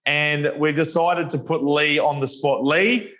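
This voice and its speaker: Teasing host with a higher voice. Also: male voice, fairly even intonation, a little slow, fairly bright tone. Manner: upbeat and teasing. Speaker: show host. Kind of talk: casual chat.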